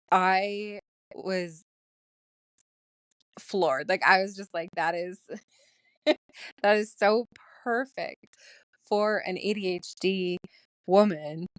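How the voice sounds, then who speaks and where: A woman hosting her own podcast, talking fast and excitedly in a casual solo chat with frequent ums. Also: lowish voice, no echo. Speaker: podcast host.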